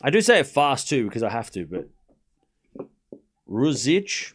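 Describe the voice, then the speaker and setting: A man hosting a live tennis watchalong stream, calling points in quick bursts and chatting with viewers, often stumbling over player names. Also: medium pitch, very animated. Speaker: livestream tennis watchalong host. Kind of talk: live play-by-play commentary mixed with casual chat.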